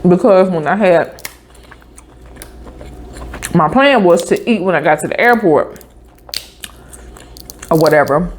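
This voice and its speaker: A woman vlogger, telling a story in a chatty, animated way with asides like "honey" and "baby" while she eats. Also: on the low side, takes it slowly, pauses often, slight background noise. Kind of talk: casual storytelling while eating.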